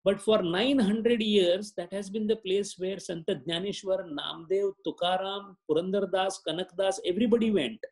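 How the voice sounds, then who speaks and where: A man, teaching yoga philosophy in a high, light voice. He explains slowly and deliberately and sounds out each Sanskrit term with care. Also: a little mellow. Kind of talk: spiritual lecture.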